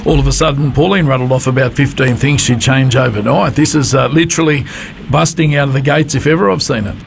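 A man's voice: medium pitch, fast talker, vocal fry, a little hiss or hum. An Australian man hosting a radio interview, asking questions in a casual, conversational way. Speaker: radio host.

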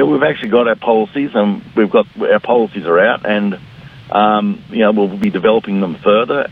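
Slightly rough and on the low side, the voice belongs to a middle-aged Australian politician giving a radio interview as a guest over the phone line. He comes across as blunt and combative, imitating those he opposes.

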